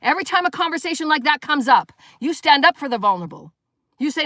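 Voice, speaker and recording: A woman's voice: sits high, big pitch swings, quick pace, a bit bright, dry recording, studio quality. A woman giving a live spiritual sermon, preaching emphatically and firing rhetorical questions at her listeners. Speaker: spiritual teacher.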